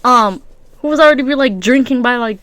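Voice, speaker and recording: A woman's voice: on the high side, fairly quick, fairly bright tone, no room sound. A young adult woman with a stuffy nose, hosting a rambling, slang-heavy solo podcast. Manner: slangy and rambling, many fillers. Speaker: podcast host. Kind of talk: casual solo podcast chat.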